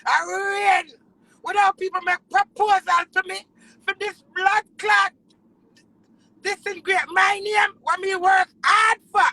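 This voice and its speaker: A woman with a Jamaican accent in a heated rant, swearing loudly and swinging between shouting and low, tearful muttering. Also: slight background noise, rough recording.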